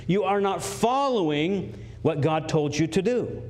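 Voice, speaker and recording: A male pastor preaching with an emphatic, swinging delivery, his fairly high voice jumping up on questions and dropping low for weight. He drifts on and off the mic at times. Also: lively intonation, measured pace, a little mellow. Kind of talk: sermon.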